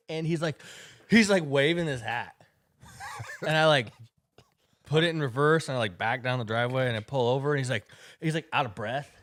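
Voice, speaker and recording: A man's voice: mid-range voice, normal speed, pauses often, no room sound. A man co-hosting a podcast, telling a personal story in casual chat and acting out the people in it. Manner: animated storyteller, acts out quoted people. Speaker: podcast co-host.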